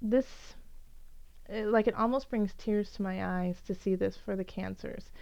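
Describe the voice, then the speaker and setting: A woman's voice: medium pitch, fairly even intonation, a little slow, creaky, darkish tone, no room sound, muffled recording. A woman giving an earnest, encouraging tarot reading for each zodiac sign, with many fillers and restarts. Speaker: tarot reader.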